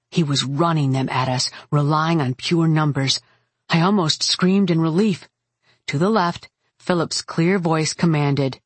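Low, unhurried woman narrating an audiobook. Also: no echo. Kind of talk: first-person fantasy audiobook narration.

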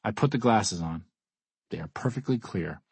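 A man narrating a first-person audiobook in a measured, even manner. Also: fairly low pitch, breathy edge, dry recording.

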